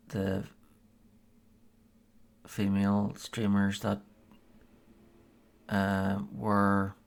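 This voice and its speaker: A man's voice: on the low side, vocal fry. A man streaming a game, chatting casually and reading a policy aloud, hesitant with many fillers and frequent chuckles.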